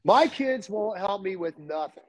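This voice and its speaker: A middle-aged man with a Serbian accent, a podcast guest telling loose, animated stories in casual chat. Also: sits high, unhurried. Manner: animated, loose storytelling with many fillers.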